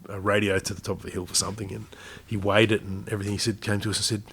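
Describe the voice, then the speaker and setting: A man's voice: fairly low pitch, little pitch movement, rapid-fire, creaky, a bit bright, slightly rough. An Australian man in his forties, a guest on an interview podcast, telling stories in a chatty way and laughing often. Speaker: guest, army veteran. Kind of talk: casual storytelling interview.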